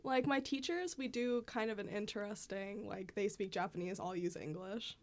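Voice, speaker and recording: A young woman, an English teacher, chatting casually on a podcast, laughing and swearing as she tells animated stories. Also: mid-range voice, moderate pace. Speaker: guest, English teacher in Japan.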